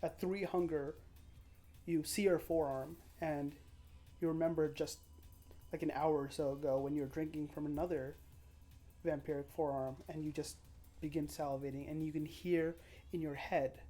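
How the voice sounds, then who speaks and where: A woman's voice: sits low, steady tone, normal speed, mellow, soft background music. A woman game master narrating a live-streamed tabletop vampire game, casual and descriptive with fillers.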